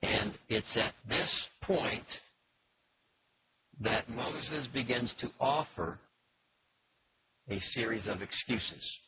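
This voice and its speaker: A man of middle pitch gives a careful Bible lesson and explains the passage step by step. He pauses often and fills gaps with small hesitations. Steady hiss and faint clicks run under the recording. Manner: measured, explanatory, with pauses and fillers. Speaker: Bible teacher.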